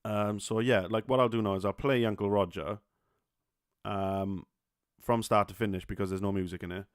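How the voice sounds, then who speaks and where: Halting Welsh man, low dry voice. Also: fairly even intonation, clear, resonant tone, no echo. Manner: halting, many restarts and fillers, casual swearing. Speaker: podcast host. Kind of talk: solo podcast chat.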